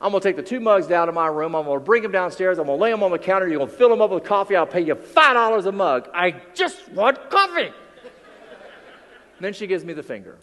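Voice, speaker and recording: A man giving a motivational keynote on stage, telling stories with acted-out voices and dropping low and quiet for emphasis. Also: lively intonation, quick pace, in a large hall. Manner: theatrical storytelling, acts out quoted voices, drops low and quiet for emphasis. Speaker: keynote speaker. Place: large hall with audience.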